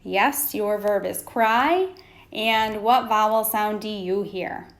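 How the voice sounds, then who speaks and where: A woman teaching a phonics lesson to young children, pausing for answers and praising them. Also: mid-range voice. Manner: slow, patient, prompting pauses for answers.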